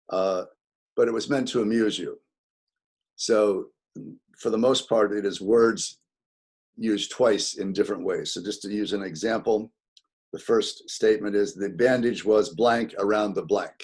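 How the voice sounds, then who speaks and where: A man's voice: lowish voice, a little mellow, breathy edge. A middle-aged man teaching a college English class over a video call, explaining points patiently with many fillers and repetitions. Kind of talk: online class lecture.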